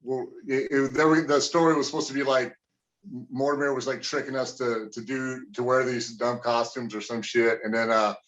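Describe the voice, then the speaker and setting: A man telling wrestling stories in a loose, foul-mouthed ramble, full of "you know" and "man". His voice sits at an ordinary pitch, and the recording sounds dull and lo-fi. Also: level tone, moderate pace, fairly bright tone. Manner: profane, rambling, lots of fillers. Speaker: guest, former pro wrestler. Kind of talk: casual storytelling interview.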